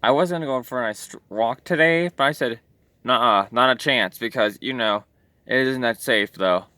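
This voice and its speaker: A man's voice: mid-range voice, normal speed, bright, forceful tone, no echo, natural voice. A man voicing a jittery male robot clown who is frightened of storms, sighing and whining as he talks. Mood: fretful. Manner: sighing, whiny, easily frightened.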